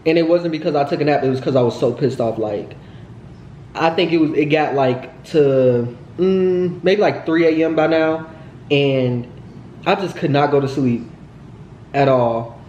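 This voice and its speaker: A man's voice: a little high, measured pace, darkish tone, muffled recording, slight background noise. A man telling a personal story to his viewers in a heated, profane way, full of fillers. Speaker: storytime vlogger. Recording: echoey room.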